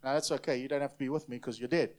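A pastor from New Zealand preaching an emphatic sermon to a church congregation, now and then acting out other people's voices. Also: male voice, mid-range voice, fairly even intonation, racing, a little mellow.

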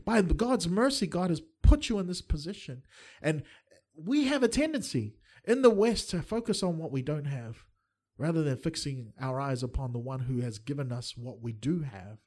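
A man's voice: a little high, lively intonation, moderate pace, a little mellow. A middle-aged man preaching a livestreamed sermon, earnest and fervent, with touches of light humor. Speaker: pastor.

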